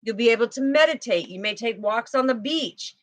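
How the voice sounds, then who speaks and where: A woman's voice: on the high side, animated, brisk, fairly bright tone. Rambling woman giving a tarot reading. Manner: rambling, tags lines with "right?" and "okay"; repeats words when restarting. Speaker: intuitive tarot reader. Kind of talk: spiritual tarot reading, casual.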